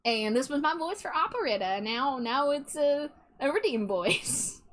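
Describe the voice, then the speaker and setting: A woman's voice: high-pitched, expressive, unhurried, fairly bright tone. A woman streamer chatting casually with her viewers, giggly and stammering a little. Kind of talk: casual live-stream chat.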